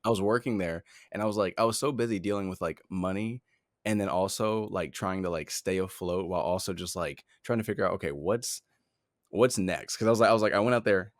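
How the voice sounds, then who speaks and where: A man's voice: sits low, no room sound, studio quality. A young man in his twenties, co-hosting a podcast, talking in a hesitant way and laughing easily. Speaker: podcast co-host. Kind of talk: casual chat.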